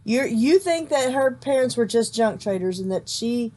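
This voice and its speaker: This woman has a fairly high voice and talks like a host leading a relaxed movie chat. She explains her points at length, backing up and restarting as she goes. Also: moderate pace. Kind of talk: casual movie discussion.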